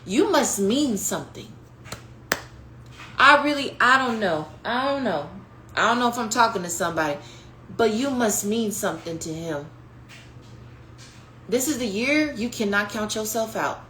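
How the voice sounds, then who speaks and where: A woman preaching a prophetic teaching on her podcast, in a passionate, conversational way that swings from hushed to loud, calling listeners "baby" and "y'all". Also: fairly high pitch, expressive, normal speed, pauses often. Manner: passionate, conversational preaching with sudden rises and drops. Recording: echoey room with faint noise.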